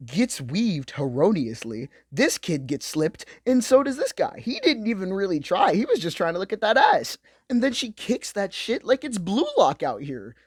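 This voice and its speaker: Animated, profane young male recap commentator. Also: sits high, no echo, clean studio sound. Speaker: commentary host. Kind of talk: comedic anime recap commentary.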